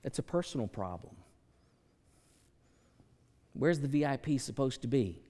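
A man preaching a sermon as pastor, animated and jokey, swinging from loud outbursts to quiet asides. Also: medium pitch, a little slow. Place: church sanctuary. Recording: long reverb of a church hall.

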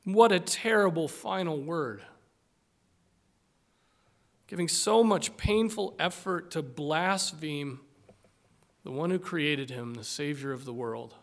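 A male preacher delivering a sermon, reading scripture slowly and deliberately with dramatic, emphatic swells. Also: on the high side, a bit bright.

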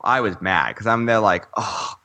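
A man's voice: medium pitch, animated, moderate pace, fairly bright tone. Chatty man on a gaming podcast. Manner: rambling, lots of fillers and laughs. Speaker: podcast co-host. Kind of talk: casual gaming podcast chat.

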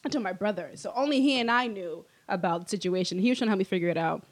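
A young woman in her twenties telling a story in casual chat, animated, laughing often and acting out quotes in loud high voices. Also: racing. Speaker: guest.

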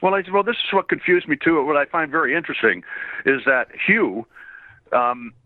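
A man from Canada, slightly hoarse, telling rambling stories as a guest voice actor, laughing often and acting out quoted voices. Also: a little high, expressive, normal speed, no echo. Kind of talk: casual interview storytelling. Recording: tinny phone line.

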